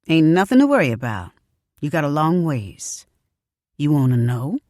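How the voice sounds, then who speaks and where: A woman reading an audiobook, voicing a blunt, folksy psychic who talks in a sharp-tongued way. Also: low voice, very animated, normal speed, no room sound, studio quality. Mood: teasing.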